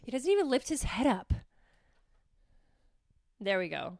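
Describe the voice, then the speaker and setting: A young woman hosting a podcast, telling stories in a casual, animated, self-mocking way and swearing freely. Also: medium pitch, moderate pace, gravelly, pauses often, no echo, clean studio sound. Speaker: podcast host. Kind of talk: casual storytelling monologue.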